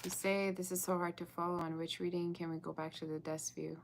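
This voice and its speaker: A woman's voice: on the low side, little pitch movement, brisk, creaky, noisy background. A woman reading tarot on a live stream, chatting with viewers in the chat and sometimes dropping to a whisper. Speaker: tarot reader.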